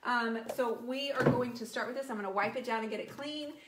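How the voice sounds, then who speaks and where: A middle-aged woman chatting casually to her viewers while painting furniture, animated and playful, with teasing asides to viewers by name. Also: fairly high pitch, a little fast, background noise.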